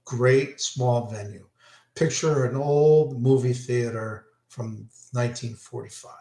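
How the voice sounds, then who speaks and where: A man's voice: mid-range voice, fairly even intonation, slow pace, mellow. An older man, rambling through concert memories in a casual monologue, often breaking off mid-sentence. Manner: rambling, self-interrupting, enthusiastic. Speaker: vlogger recalling concerts. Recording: echoey room.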